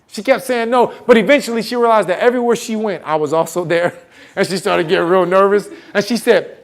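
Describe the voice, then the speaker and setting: Motivational speaker, male, slightly high voice, animated storyteller who gets the crowd answering back. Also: fairly quick. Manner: animated, acts out the voices of people in his story; calls out to the audience and gets them to answer back. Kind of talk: storytelling keynote to students. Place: campus event hall.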